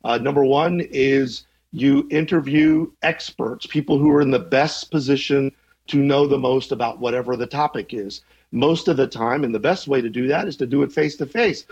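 A man's voice: mid-range voice, normal speed, darkish tone, slightly rough, dull audio. A man in his fifties who teaches journalism, answering interview questions in a thoughtful, conversational way, often restarting and chuckling. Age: 50s.

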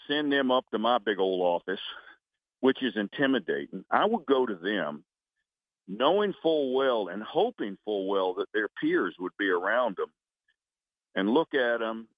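A man in his sixties, a retired military officer, giving earnest, halting interview answers over a phone call and closing each one with "over". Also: on the low side, no room sound. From United States. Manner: earnest, halting, frequent restarts, says "over" after answers. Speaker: retired Coast Guard vice admiral, guest. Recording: tinny phone line.

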